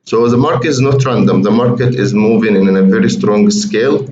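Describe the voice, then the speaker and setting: A man's voice: lowish voice, brisk, darkish tone. A man walking viewers through trading charts in a chatty, repetitive way, often calling them guys. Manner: conversational, repeats words, addresses viewers as guys. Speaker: trading educator. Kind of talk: screen-share chart walkthrough. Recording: roomy, muffled, faint hiss.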